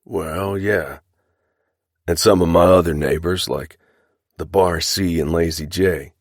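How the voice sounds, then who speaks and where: A man reading the part of a surly middle-aged cattle rustler, sullen and evasive, in a rough frontier drawl. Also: low-pitched, slow, no echo, studio quality, heavily acted.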